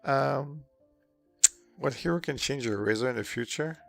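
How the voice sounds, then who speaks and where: A man with a slightly sore throat, chatting casually with viewers while streaming a game, relaxed and full of fillers. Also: medium pitch, unhurried, creaky, soft background music. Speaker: streamer answering chat questions. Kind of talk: casual live-stream chat while gaming.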